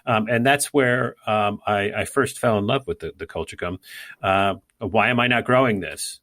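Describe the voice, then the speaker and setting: A man with a fairly low, fairly bright voice co-hosts a podcast about gardening, speaking at a moderate pace. He chats casually and rambles, with many fillers and restarts.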